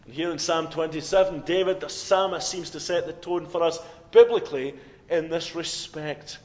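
High-voiced male preacher in a reverberant church. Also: moderate pace. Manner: storytelling with swings from loud to hushed. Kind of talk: sermon. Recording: long hall reverb, dull lo-fi sound.

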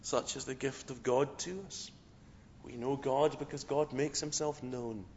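A hoarse man preaching a sermon as a pastor, measured and earnest. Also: medium pitch, fairly even intonation, darkish tone, a little hiss or hum. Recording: dull lo-fi recording in a reverberant church.

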